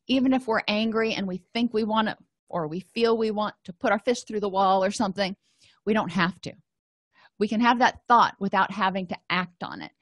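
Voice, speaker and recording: A woman's voice: mid-range voice, no echo. A woman counselor giving an educational lecture, explaining in a conversational way with everyday examples and quoted self-talk. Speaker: counselor and trainer.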